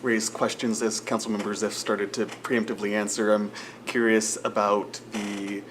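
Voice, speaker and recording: A man chairing a city council meeting, calling on speakers in a formal, even way. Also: on the low side, normal speed, slight background noise.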